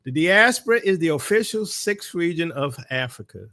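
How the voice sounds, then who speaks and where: A man's voice: fairly high pitch, lively intonation, moderate pace, bright, forceful tone, no room sound, studio quality. A man with a New Orleans accent giving religious commentary, preaching style, speaking straight to his audience. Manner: preacherly, calls on the audience directly. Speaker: ministry teacher.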